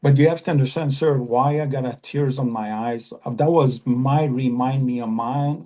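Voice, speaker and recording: A man in his fifties from Afghanistan, an actor guest on a podcast interview, talking earnestly and haltingly with many repeated phrases. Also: mid-range voice, dark tone.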